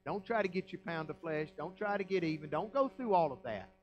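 A man's voice: fairly high pitch, expressive, brisk, dull audio, music in the background. A man with a Southern American accent, a pastor preaching a folksy, emphatic sermon full of rhetorical questions. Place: church sanctuary.

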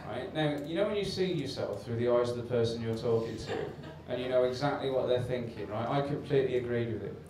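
A man's voice: mid-range voice, fast, few pauses, darkish tone. A man doing a stand-up routine on a comedy club stage, telling a rambling, self-deprecating story. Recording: echoey live club recording from far off with hiss.

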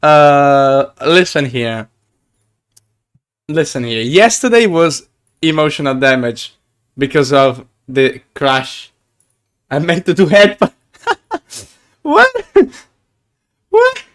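A man chatting on a live stream in a slightly high, smooth, clear voice. He talks slowly but excitably, stammering and repeating himself as he greets viewers and jokes around. The tone is casual and playful.

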